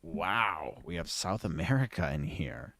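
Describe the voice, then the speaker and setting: A man's voice: sits low, lively intonation, measured pace, fairly bright tone. A man co-hosting a podcast, chatting casually and jokily during a live watch-along. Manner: laid-back, chatty, jokey. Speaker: podcast co-host.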